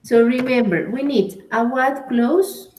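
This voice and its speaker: A woman's voice: a little high, takes it slowly, a little mellow, a little hiss or hum. A woman with a Colombian Spanish accent teaching an English grammar class, explaining patiently and checking in with "right?" and "okay?". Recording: echoey room.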